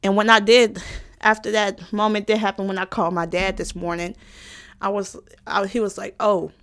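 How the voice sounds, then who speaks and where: A young woman in her twenties speaks straight to the camera in a candid vlog. She talks with an average pitch in a frank, emotional, casual way, swearing freely. The delivery is close and personal, like a student unloading her feelings. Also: little pitch movement, normal speed, fairly bright tone, clean tone. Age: 20s. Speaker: college student vlogger.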